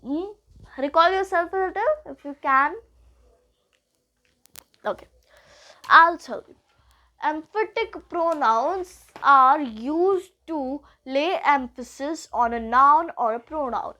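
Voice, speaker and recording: A young woman with an Indian English accent teaching English grammar, explaining slowly, repeating points and slipping into Hindi now and then. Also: high-pitched, pushed and bright. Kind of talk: classroom grammar lesson.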